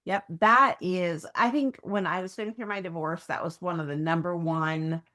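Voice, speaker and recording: A woman with a fairly low voice hosts a podcast interview. She is affirming and conversational, chiming in with agreement and steering the talk with questions. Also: fairly even intonation, normal speed, a bit bright. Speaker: podcast host.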